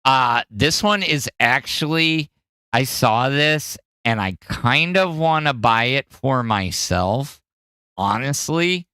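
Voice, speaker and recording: Animated Midwestern man pitching gifts. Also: slow pace, clear, resonant tone, no echo. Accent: Midwestern American. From Wisconsin. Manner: hyped salesman-style pitching, swings up to loud bursts. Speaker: podcast host. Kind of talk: casual chat, gift pitches.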